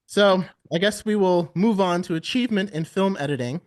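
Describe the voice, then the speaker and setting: A podcast host talks through his picks in a relaxed, animated way, laughing often. His voice sits a little high for a man. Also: moderate pace. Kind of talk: casual chat.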